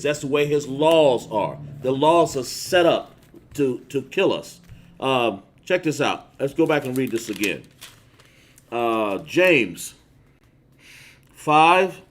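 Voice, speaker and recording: Man preaching on a phone livestream, voice a bit high and rising and falling a lot, stretches his emphasis words. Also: fairly bright tone. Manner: emphatic, drawn-out stresses, chats with viewers between verses. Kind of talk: sermon with scripture reading.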